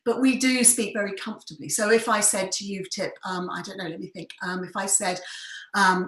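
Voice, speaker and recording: A woman theatre director who leads a workshop and tells the story with enthusiasm and expressive examples. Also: mid-range voice, brisk. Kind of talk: storytelling lesson. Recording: roomy echo.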